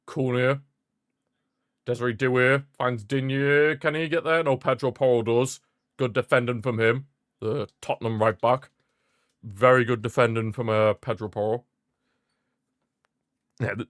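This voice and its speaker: A man giving casual live commentary on a football match as he watches along, chatty and prone to repeating himself with sudden excited bursts. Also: medium pitch, no room sound, clean studio sound.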